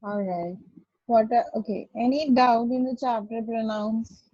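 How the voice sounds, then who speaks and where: In a video-call doubt session, a female teacher explains grammar with slow patience, emphasizing examples for her pupils. Her fairly high voice has a darkish tone and fairly even intonation, with no room sound, and the audio comes through muffled and lo-fi.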